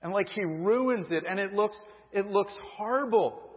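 A man's voice: sits high, normal speed. A man preaching a sermon, reading scripture and acting out voices of those who question God. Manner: reads scripture, acts out quoted voices. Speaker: pastor. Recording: dull lo-fi audio with long hall reverb.

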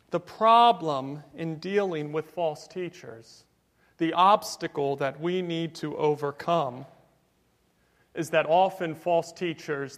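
High-voiced pastor preaching in a reverberant hall. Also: male voice, fairly bright tone. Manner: emphatic preaching cadence with repetition. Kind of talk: sermon.

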